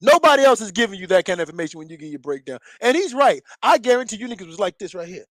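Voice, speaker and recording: A man's voice: high voice, big pitch swings, racing, a bit bright, no room sound. A man co-hosting a podcast who jokes around and hypes up his co-host. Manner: joking, hyping up his co-host. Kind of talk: casual chat.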